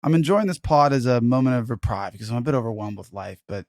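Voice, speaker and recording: A man co-hosting a casual podcast, rambling through his thoughts with jokes and casual swearing. His voice sits at a middle pitch and sounds dry and close to the mic. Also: lively intonation, fast talker, darkish tone, no echo. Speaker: podcast co-host.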